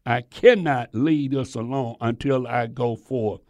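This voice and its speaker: A man's voice: medium pitch, unhurried, a little mellow, no echo. A man preaching a sermon in an emphatic, conversational way, asking his listeners rhetorical questions.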